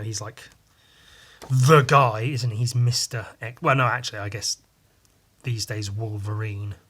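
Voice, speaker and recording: A man's voice: medium pitch, bright, forceful tone. A man hosting a podcast, talking in a casual, rambling monologue that is full of swearing and asides. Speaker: podcast host.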